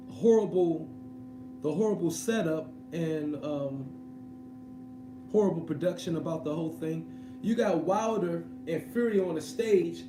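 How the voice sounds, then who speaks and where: A man ranting casually and profanely, rambling in an animated way about a production he disliked. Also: high-pitched. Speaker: commentator. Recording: echoey room with faint noise.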